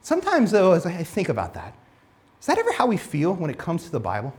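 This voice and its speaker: A man's voice: sits high, huge pitch swings, fast. Young male preacher, casual storytelling sermon, chatty with lots of fillers and restarts.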